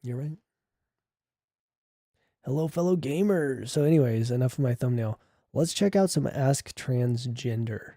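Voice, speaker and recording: Young male streamer, loose and jokey, reading chat; very dark voice, close and dry. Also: mid-range voice, lively intonation, a little slow, long pauses, no room sound. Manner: chatty, joking, reads chat aloud. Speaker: livestream host. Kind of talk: casual livestream chat.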